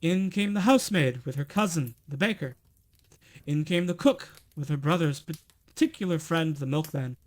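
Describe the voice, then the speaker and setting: Male reader, slightly high voice; expressive storybook narration with small self-corrections. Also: normal speed. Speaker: streamer reading aloud. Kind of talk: storybook reading aloud.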